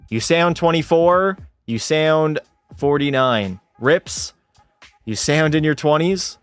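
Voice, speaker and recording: A man with a slightly high voice streams a hockey video game and calls the action like a sportscaster. He jokes and swears while answering his chat. Faint music plays under his voice. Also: unhurried, clean tone, no echo. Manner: excitable play-by-play calls, swears and banters with chat. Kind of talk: live gameplay commentary with chat.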